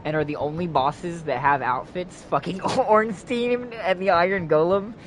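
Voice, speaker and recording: A young man giving casual gameplay commentary, excitable and swearing freely as he thinks out loud. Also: high voice, unhurried. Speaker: game streamer. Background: game music.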